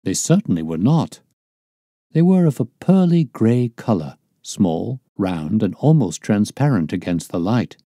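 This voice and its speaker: A man reading a classic detective novel aloud as storyteller, in measured, descriptive narration. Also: lowish voice, big pitch swings, warm tone, dry recording, studio quality.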